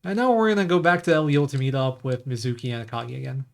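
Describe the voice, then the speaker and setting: A man narrates his own speedrun live, in a relaxed and chatty way, thinking aloud as he plays. His voice sits at a middle pitch. Game music plays clearly underneath. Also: quick pace. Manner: casual, chatty, thinking aloud while playing.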